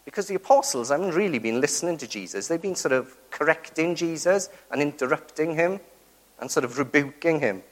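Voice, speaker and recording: A man's voice: a little high, lively intonation, brisk. A man preaching a sermon, earnest and emphatic, who keeps turning to the congregation with rhetorical tag questions.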